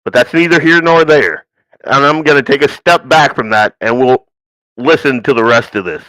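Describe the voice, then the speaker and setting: A man hosts a political commentary podcast, his voice medium-pitched and sharp at a normal speed. He rants sarcastically, tossing in mocking asides and put-on quotes, on a dry, low-quality recording.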